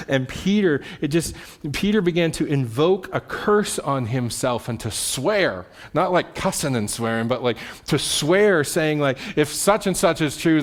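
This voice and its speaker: A pastor giving a sermon, retelling a story in a casual, conversational way and often checking in with "right?". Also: male voice, expressive, moderate pace. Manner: drops soft and low at solemn moments.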